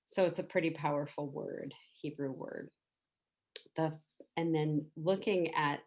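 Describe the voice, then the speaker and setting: A middle-aged woman teaching a meditation softly and without hurry, guiding listeners to make the sounds along with her. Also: sits low. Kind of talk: gentle spoken meditation teaching.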